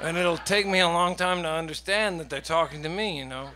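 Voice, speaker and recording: A man with a Southern accent, telling a halting, dryly funny story between songs at a concert. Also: fairly high pitch, background noise. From Oregon and the US South. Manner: rambling, halting, dry humor. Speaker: singer-songwriter. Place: live music venue. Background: guitar music.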